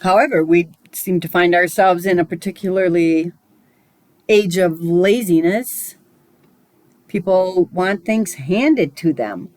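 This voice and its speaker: A woman teaches a spiritual class at a very unhurried pace, her voice sitting a little low. She talks in a measured, musing way and sometimes wanders into side thoughts. The sound is dry and close. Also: darkish tone, no room sound, low-quality recording. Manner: slow, measured and musing, with small digressions. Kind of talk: recorded esoteric lesson.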